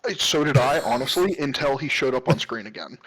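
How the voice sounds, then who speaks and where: A man's voice: mid-range voice, lively intonation, brisk, fairly bright tone, rough recording. A man co-hosting a podcast, chatting casually and asking pointed, detail-focused questions. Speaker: podcast co-host. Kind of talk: casual chat.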